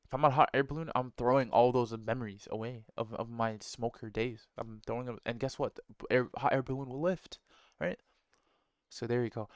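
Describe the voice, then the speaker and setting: Brief: male host, casual motivational monologue, blunt and profane, smooth clear voice, dry close sound. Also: mid-range voice, fairly quick, no echo. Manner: blunt, profane, slangy, rhetorical "right?".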